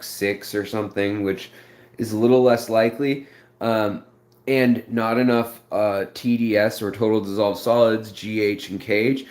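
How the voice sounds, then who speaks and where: A man's voice: lowish voice, a little mellow. A man hosting a live stream, answering viewers in a rambling, explanatory way with many fillers. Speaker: aquarium channel host.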